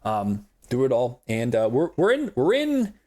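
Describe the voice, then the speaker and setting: Chatty, animated male game streamer. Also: mid-range voice, unhurried. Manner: chatty rambler, calls himself a yapper; giggly, laughs often. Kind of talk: casual live gameplay commentary.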